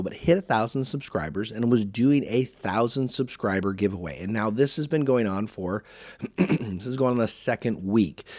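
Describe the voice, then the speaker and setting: A man's voice: mid-range voice, a little mellow, no echo. A man from the United States hosting a podcast in a folksy, chatty, casual monologue. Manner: folksy and chatty, says y'all. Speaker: podcast host.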